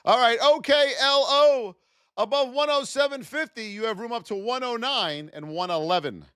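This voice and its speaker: A man hosting a live trading stream, calling price levels with energetic, hype-filled, sing-song talk. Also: extremely high pitch, moderate pace, smooth, no echo, studio quality. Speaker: trading livestream host. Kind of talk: live market commentary.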